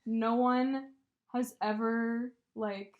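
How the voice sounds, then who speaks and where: A woman co-hosting a casual podcast chat, telling an animated breakup story and swearing freely. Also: a little high, very slow, phone-quality sound, heavy background noise. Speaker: podcast co-host.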